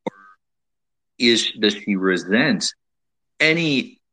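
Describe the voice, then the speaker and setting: A man hosting a casual advice talk, speaking in a measured way with frequent restarts and repeated words. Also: fairly low pitch, lively intonation, bright, forceful tone, rough recording. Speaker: host giving dating advice.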